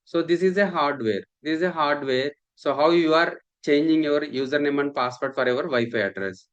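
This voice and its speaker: In a muffled recording, a male instructor with a fairly high voice lectures at normal speed. Repetition runs through his teaching, and he regularly checks whether the students follow.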